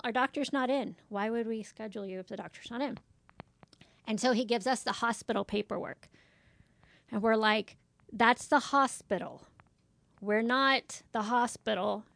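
A woman's voice: fairly high pitch, vocal fry, no room sound. A woman who works the front desk of a medical office, telling blunt, exasperated stories in casual chat and acting out the dialogue.

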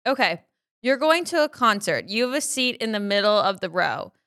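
A woman co-hosting a podcast, lively and blunt, swearing casually as she asks questions. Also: mid-range voice, moderate pace. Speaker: podcast co-host.

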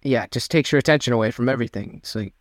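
Racing along in a mid-range voice, a young man co-hosts a podcast and spins a rambling story at his own expense in casual chat. The studio sound is clean with no echo.

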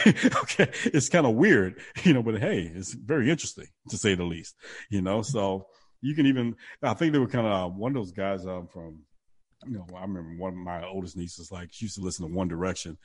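A man with a low-pitched voice holds forth in relaxed podcast chat. He drifts through tangents, often breaks into laughter and restarts his sentences mid-thought. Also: slightly rough.

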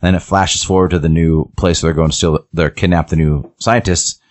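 A man with a very low, deep voice chats casually as a podcast co-host, walking through a story's plot. He rambles loosely, leaning on "like" as he goes, and slips briefly into the characters' lines as he tells it. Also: brisk. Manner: animated storyteller, briefly acting out quoted lines; loose and rambling, many "he's like" and "like" fillers. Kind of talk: casual chat retelling a show's plot.

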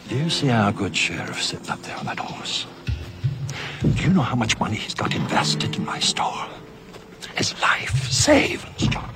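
A man's voice: mid-range voice, big pitch swings, over loud music. An actor playing a scheming older frontier businessman with an Irish accent, speaking in an intimidating, scornful way. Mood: menacing. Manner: intimidating, scornful, drawn-out emphasis. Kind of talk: Western film acting.

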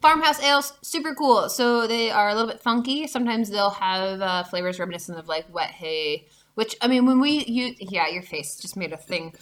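A woman's voice: mid-range voice, normal speed. A woman co-hosting a casual beer podcast, eagerly explaining beer styles with lots of fillers. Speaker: podcast co-host. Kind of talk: casual chat beer tasting.

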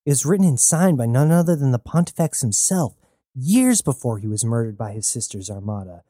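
A man's voice: mid-range voice, very animated, mellow, no echo, clean studio sound. A man voicing a nervous young male rebel who talks anxiously and in a rush. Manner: anxious, stammering, rushed.

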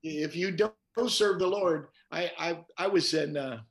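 A pastor's voice, on the high side and gravelly, comes at a measured pace as he talks as an interview guest. He preaches conversationally, quoting scripture throughout his stories, an animated storyteller who repeats words when he quotes.

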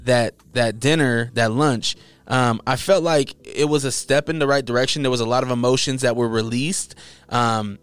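A man hosting an interview, asking halting questions with many restarts. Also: medium pitch, a bit bright, clear, resonant tone, dry recording. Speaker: interview host. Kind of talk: casual interview.

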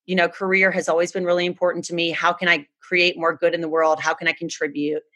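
A woman's voice: on the low side, flat delivery, quick pace, bright, forceful tone. A woman from the United States, earnestly telling a personal story in a casual chat. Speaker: guest.

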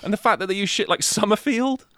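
A man's voice: sits high, fast, no room sound. A man in his thirties from England, co-hosting a casual chat and talking with sweary enthusiasm. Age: 30s. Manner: animated, swears freely, enthusiastic storytelling. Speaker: podcast co-host.

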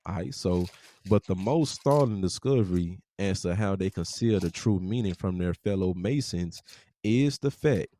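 A man's voice: on the low side, warm tone. A man hosting a podcast, reading passages from a book aloud and adding casual, profane comments between them, speaking. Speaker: podcast host.

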